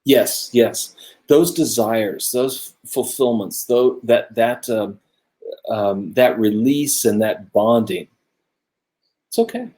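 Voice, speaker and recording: A man co-hosting a casual Bible study talk, earnest and musing, growing animated when he makes a point. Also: medium pitch, takes it slowly. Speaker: co-host of a religious discussion show. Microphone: own camera close by, video stream.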